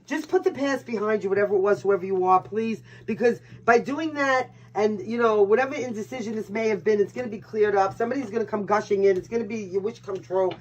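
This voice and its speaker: A woman's voice: medium pitch, quick pace, few pauses, a little mellow, lo-fi sound. A woman from Brooklyn with a Brooklyn accent, hosting a casual live-stream tarot reading in a chatty, brash way with swearing. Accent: Brooklyn New York. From Brooklyn, New York. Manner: chatty, brash, swears and laughs at own jokes.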